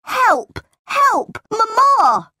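A woman's voice: a little high, very animated, normal speed, darkish tone, breathy edge, dry recording, clean studio sound. A woman voicing a spoiled, bullying boy who bosses and whines. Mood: whining. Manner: bossy, whining.

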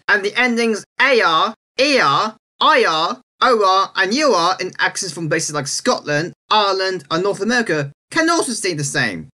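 Bright, lively woman explaining over slides. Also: mid-range voice. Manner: chatty, often checks in with a rising "yeah?". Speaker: video creator explaining spelling reform.

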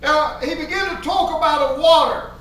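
Preaching with fervor at a moderate pace, this pastor's voice is very high and bright, and he hammers home key phrases by repeating them. He seems far from the mic, with his words echoing heavily through the sanctuary.

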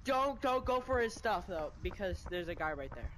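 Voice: medium pitch, sing-song, crowd noise. Young-sounding player, clipped callouts, with game noise around. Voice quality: quick terse callouts. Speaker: gamer in a voice-chat squad. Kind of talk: casual gaming chat. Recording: crowded game noise behind.

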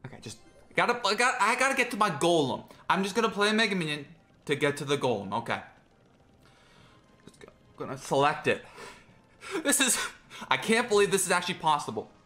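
A young man giving excitable, jokey running commentary on his own gameplay, talking to himself as he plays. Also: on the high side, fast talker, soft background music. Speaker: gaming creator.

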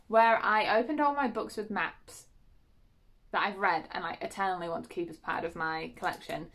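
A woman's voice: mid-range voice, pushed and bright. Giggly, self-correcting book vlogger, woman, casual at-home chat. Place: at home, unboxing parcels.

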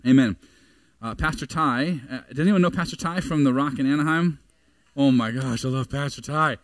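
A man's voice: mid-range voice, moderate pace, no echo. A man in his forties preaching a sermon in a church, talking conversationally and asking the congregation questions. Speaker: pastor. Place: church sanctuary.

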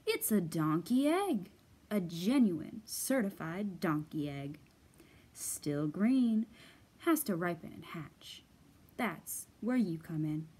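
A woman voicing a sly, fast-talking male fox salesman in a children's storybook reading, with a smooth, salesy patter. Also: fairly low pitch, big pitch swings, a little mellow, voice pushed down, exaggerated voice. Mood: persuasive.

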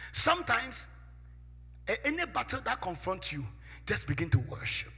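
A man preaching a sermon from the pulpit, with call-and-response, swinging from loud shouts to near-whispers. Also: sits high, very animated, moderate pace, husky. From Ghana. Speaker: pastor. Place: church sanctuary. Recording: echoey church hall with music behind.

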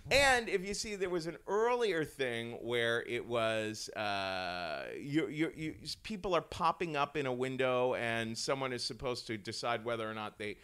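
A man recounting an old sketch as a podcast guest, his pitch leaping all over as he talks. He stumbles and restarts often, laughs between phrases and swears freely, in a middle-pitched voice. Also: animated, unhurried, hardly any pauses, fairly bright tone, clean tone. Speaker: comedian guest. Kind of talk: casual storytelling in a podcast interview.

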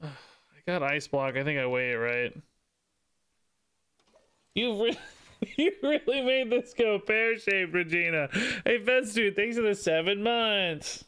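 A man's voice: expressive, slow, long pauses, sharp tone, clear, resonant tone. A man streaming a card game live, chatting casually and cooing in baby talk between his commentary on the game. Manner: bouncy, sing-song pitch jumps.

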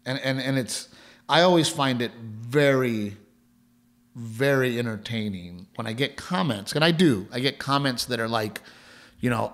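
An unhurried man with a mid-range, fairly bright voice co-hosts a podcast. His family story wanders casually, with frequent restarts, repeated words and laughter.

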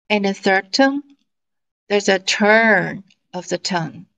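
Female teacher, very slow and deliberate delivery, online class. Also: mid-range voice, gravelly, fairly bright tone. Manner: slow, deliberate, drawn-out demonstration of sounds. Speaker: Mandarin teacher. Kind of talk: slow online language lesson.

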